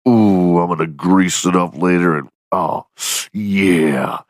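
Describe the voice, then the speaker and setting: A man voicing a vain young gym bro who murmurs lustily at his own arm in the mirror, low and hushed. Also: takes it slowly, no echo, clean studio sound. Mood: self-admiring.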